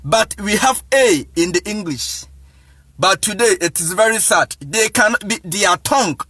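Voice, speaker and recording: A man with a high, bright voice talks slowly and with emphasis as an evangelist, spelling words out letter by letter and laughing often. He speaks straight to his listeners. The sound is dry and close. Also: animated, slightly rough, dry recording. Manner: addresses listeners directly. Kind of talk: lecture-style talk.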